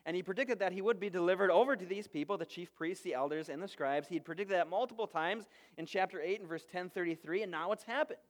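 A man in his thirties, a pastor preaching a sermon and telling stories with lively quoted voices. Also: high voice, quick pace, few pauses. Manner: storytelling, animated quoted voices.

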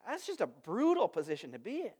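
A man in his thirties, a pastor giving a sermon in a relaxed, conversational storytelling way. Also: high-pitched, quick pace, slightly rough. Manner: conversational, storytelling with lively asides.

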